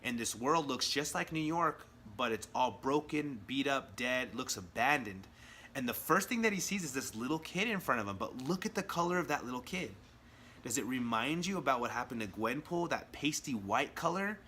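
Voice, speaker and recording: An enthusiastic man hosting a casual comic book review video, excitedly walking viewers through storylines. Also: medium pitch, moderate pace, slight background noise. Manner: enthusiastic, acts out quotes in character voices.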